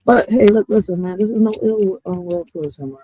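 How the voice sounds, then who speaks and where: A poet who streams talks directly to her chat in a relaxed, expletive-filled, slang-heavy rant. Her mid-range voice is mellow and brisk. The audio is poor, with no room sound.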